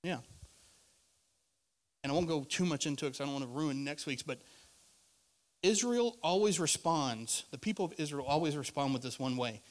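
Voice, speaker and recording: A male pastor preaching a sermon in a conversational way, rising to loud emphasis and dropping to quiet asides. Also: a little high, expressive, moderate pace, pauses often.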